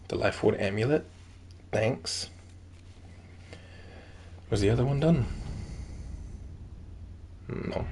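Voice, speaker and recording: There's slight background noise as a man with a fairly low, vocal-fry voice streams a video game. He chats casually, reads out in-game notes, and rambles with heavy use of "like" and "um."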